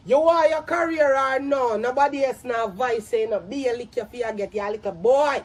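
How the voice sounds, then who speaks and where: High-pitched Jamaican woman ranting, loud scolding commentary, profane, shouts often. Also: moderate pace, hardly any pauses.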